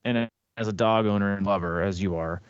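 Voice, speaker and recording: A man's voice: fairly low pitch, a little fast, smooth, dry recording, lo-fi sound. A man co-hosting a podcast, rambling candidly through everyday stories and swearing now and then. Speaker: podcast co-host. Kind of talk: casual podcast chat.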